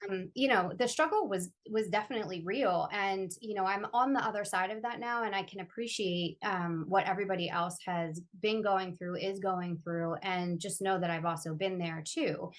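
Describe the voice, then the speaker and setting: Guest coach, woman in her thirties, slightly low voice, earnest, candid storytelling. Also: fairly even intonation, moderate pace, few pauses. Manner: earnest, heartfelt, personal storytelling. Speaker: financial coach, podcast guest. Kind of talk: candid interview answers.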